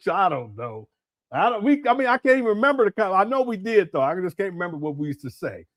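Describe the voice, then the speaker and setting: A man hosting lively laughing live-stream host. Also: sits high, fast talker, no echo, studio quality. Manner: laughs often, reacts to clips.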